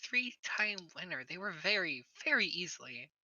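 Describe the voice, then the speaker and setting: Girl at the game table, bright sharp voice, bouncy and giggly. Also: lowish voice, sing-song, moderate pace, muffled recording. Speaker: player. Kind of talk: casual chat at a tabletop game.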